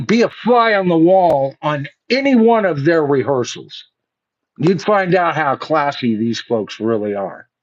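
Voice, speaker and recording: A man's voice: fairly high pitch, dull audio. A man hosting a livestream. He rants bluntly and profanely and speaks to his viewers as "folks.". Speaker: host of a livestream show. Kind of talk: livestream commentary rant.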